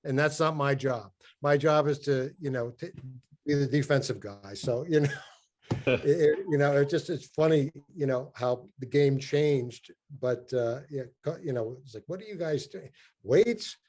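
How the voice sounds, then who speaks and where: Halting man recalling old team days. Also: medium pitch, a little mellow. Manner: halting, repeats words, mimics his old coach. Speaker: podcast guest, former college basketball player. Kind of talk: casual storytelling on a video call. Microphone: video call.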